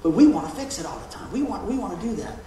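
A man's voice: high voice, big pitch swings, very fast, dark tone, a little hiss or hum. A man giving a casual sermon, chatty, laughing often and repeating his words. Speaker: pastor. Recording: echoey room, mic far off.

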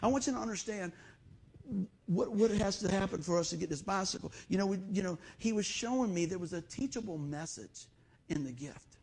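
A middle-aged man preaching a sermon as pastor, in a folksy, animated storytelling way. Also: high voice, a little fast, slightly rough.

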